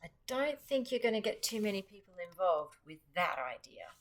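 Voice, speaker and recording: A woman's voice: medium pitch, very animated, normal speed, slight background noise, close to an everyday voice. A woman with an Australian accent voicing a dry, sensible mother in a storybook reading. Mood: wry.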